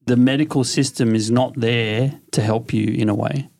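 Podcast host guy, gravelly voice, chill, swears a bit. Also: medium pitch, fairly even intonation, moderate pace, a little mellow. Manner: short reactions, casual swearing. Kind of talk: casual interview chat.

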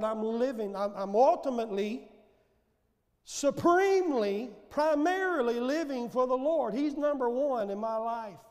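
High-voiced man preaching in slow, fervent bursts. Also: in a large hall. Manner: fervent preaching with rising shouts and call-and-response. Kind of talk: sermon. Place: church sanctuary.

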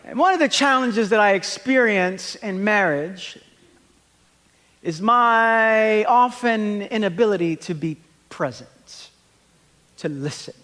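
A male pastor giving a conference sermon, telling animated, self-deprecating stories and acting out the scenes. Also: sits high. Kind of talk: conference sermon with humorous storytelling. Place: large conference hall. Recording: long reverb of a large hall.

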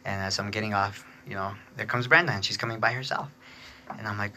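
A man's voice: lowish voice, quick pace, bright, forceful tone. A man hosting a podcast, telling a long personal story in a rambling, chatty way, laughing often and mimicking other people with a raised voice. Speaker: podcast host. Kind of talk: casual storytelling.

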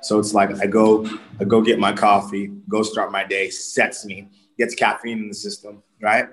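A man's voice: on the low side, level tone, moderate pace, a bit bright, low-quality recording. A man from Boston, a gym coach, chatting easily and talkatively as a podcast guest. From Boston, USA. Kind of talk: casual interview chat.

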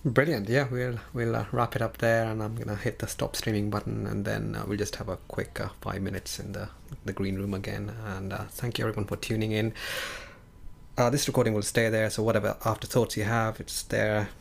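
A man's voice: lowish voice, brisk, vocal fry. A man hosting a live stream, giving casual, rambling closing remarks. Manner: relaxed, rambling sign-off with fillers.

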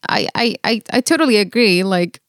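A woman's voice: medium pitch, lively intonation, normal speed, fairly bright tone, dry recording, clean studio sound. A woman co-hosting a podcast, playful and teasing, laughing a lot in casual chat. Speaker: podcast co-host.

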